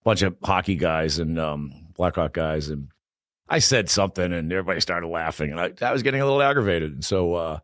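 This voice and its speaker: An older man in his sixties with a heavy Boston accent, guesting on a podcast and spinning stories in a fast, animated rush. His voice sits very low, and the sound is close and dry, with no room in it. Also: dry recording. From Boston, USA. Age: 60s. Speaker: podcast guest, former Olympic hockey player. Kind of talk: casual storytelling interview.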